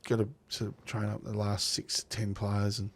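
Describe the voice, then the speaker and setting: A middle-aged Australian man with a gravelly, fairly low voice. He talks like a bloke spinning yarns at the pub, laughing easily as he goes. He is a country football coach who is a guest on a casual podcast chat. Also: completely flat delivery, moderate pace. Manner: blokey storytelling, laughs often.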